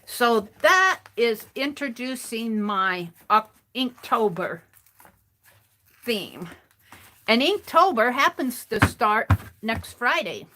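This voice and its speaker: A woman hosts an art stream, telling a long story as she tears page edges. Her voice sits a little high, and she talks in a rambling, chatty way with frequent restarts. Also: sing-song, takes it slowly, pushed and bright, a little hiss or hum. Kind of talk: casual storytelling while crafting.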